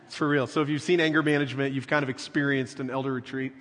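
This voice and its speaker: A man preaching a sermon as pastor, speaking slowly and earnestly, often dropping to a soft, quiet delivery for emphasis. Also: mid-range voice, steady tone, big-room sound, slight background noise. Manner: slow, earnest preaching with soft dramatic drops.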